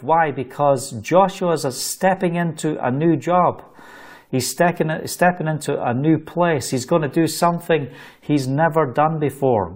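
A Scottish man preaching a sermon, exhorting listeners fervently with jokey asides. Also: on the high side.

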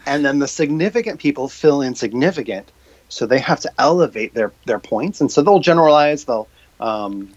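A man's voice: mid-range voice, animated, moderate pace, no room sound. Man explaining in a dull dry recording. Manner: explanatory, acts out quoted reactions, many fillers. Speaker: guest, purpose coach. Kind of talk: conversational interview.

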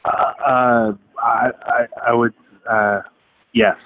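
A man's voice: mid-range voice, level tone, slow, no room sound. A man calling in by phone, chatting casually in a hesitant, stammering way. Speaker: phone-in guest. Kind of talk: casual chat. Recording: tinny phone line.

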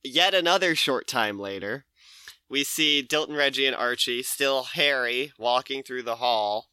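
Bright, crisp-voiced man recapping comics. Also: mid-range voice, measured pace, dry recording. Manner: laughing, acting out quotes. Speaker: podcast host.

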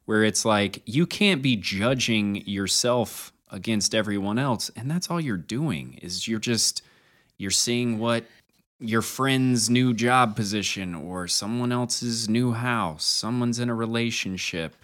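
A man's voice: medium pitch, takes it slowly, a bit bright. A man co-hosting a casual podcast, agreeable and easygoing, filling his talk with "like" and "you know". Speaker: podcast co-host.

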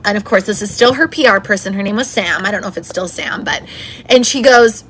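A woman's voice: mid-range voice, a little fast, fairly bright tone, a little hiss or hum. A woman hosting her own podcast, talking in a chatty, encouraging and upbeat way. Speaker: podcast host. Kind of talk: solo motivational podcast talk.

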